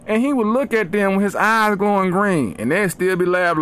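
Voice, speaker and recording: A man hosting a comedy podcast, telling stories in an animated, slangy, mock-aggressive rant. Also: high-pitched, moderate pace. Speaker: podcast host.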